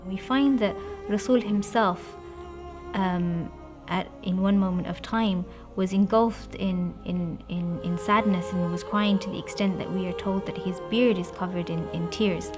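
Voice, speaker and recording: A woman's voice: mid-range voice, fairly even intonation, unhurried. A woman recounting religious history for a documentary, thoughtful and given to restarts. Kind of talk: documentary storytelling. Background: background music.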